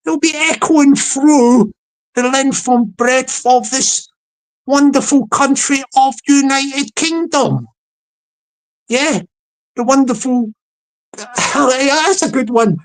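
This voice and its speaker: A woman's voice: sits high, slow pace. A woman hosting a casual livestream, rambling and repeating herself as she chuckles and talks to her chat viewers. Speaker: livestream host.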